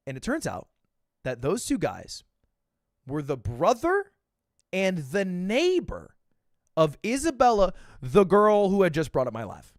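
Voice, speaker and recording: Animated young man telling a story. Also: sits high, measured pace, long pauses, no room sound, studio quality. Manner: animated, swears freely, self-mocking. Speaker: online creator. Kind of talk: casual storytelling.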